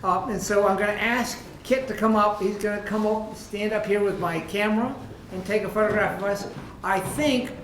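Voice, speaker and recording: A woman's voice: mid-range voice, moderate pace, a little hiss or hum. A woman speaking hesitantly to a gathering at a memorial service, with frequent fillers. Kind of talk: addressing a gathering. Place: room with a gathering of people. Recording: distant, echoey room with crowd.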